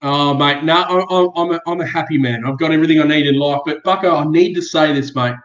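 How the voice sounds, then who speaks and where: A man's voice: a little high, quick pace. Earnest Australian man on an echoey call. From Western Australia. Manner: earnest, blunt, swears freely. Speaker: guest. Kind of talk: casual live-stream chat. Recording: echoey dull video call.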